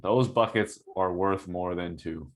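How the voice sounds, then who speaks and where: A low-voiced man who trains basketball players breaks down game film in a loose, conversational way. He gets animated over good plays and keeps checking in with the listener. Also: measured pace. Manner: animated, coaching asides with frequent "right?". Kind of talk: casual film-breakdown commentary.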